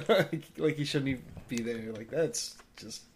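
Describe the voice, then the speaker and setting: A man's voice: mid-range voice, unhurried, a little hiss or hum. A man in a casual podcast chat who talks hesitantly, with many fillers and restarts, chuckling as he goes. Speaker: podcast co-host.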